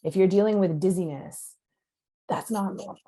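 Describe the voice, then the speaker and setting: A woman with a low voice talks through her clinical approach on a podcast. She speaks earnestly and straight to the listener. Her voice is going hoarse as she talks. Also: moderate pace, warm tone. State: losing her voice. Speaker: concussion clinician guest. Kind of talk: podcast interview.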